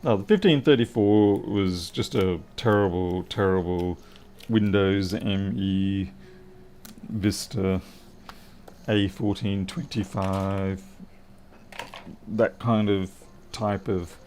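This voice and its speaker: A man with a deep, darkish voice hosts a live repair stream, speaking slowly with fairly even intonation while he works on a device. He's wry and chatty, answering viewers' comments in casual commentary. There's a little hiss or hum on the recording.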